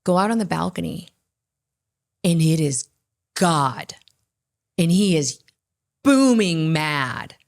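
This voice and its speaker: A woman's voice: deep voice, expressive, slow pace, creaky, pauses often. A woman co-hosting a faith podcast, telling personal stories in an earnest, emphatic way. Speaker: podcast co-host. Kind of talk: candid faith talk.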